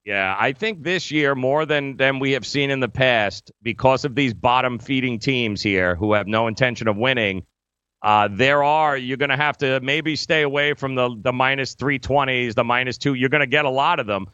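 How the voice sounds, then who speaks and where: A male sports radio host rambles through the lineup with plenty of filler words. His voice is smooth and resonant. The studio sound is dry and a bit dull. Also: medium pitch, normal speed, sharp tone, no echo. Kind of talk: casual sports radio talk.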